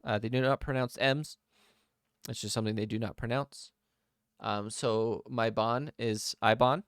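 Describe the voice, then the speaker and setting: A man as game master, narrating and explaining a tabletop game world in a relaxed way with many pauses. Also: lowish voice, clean tone, no room sound, studio quality.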